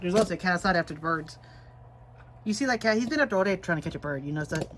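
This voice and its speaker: Woman daily vlogger rambling fast at home, excitable, chats w her cats. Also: on the low side, noisy background. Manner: excitable, rambling, chatty with pets. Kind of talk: casual rambling vlog chat. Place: at home, yard and indoors.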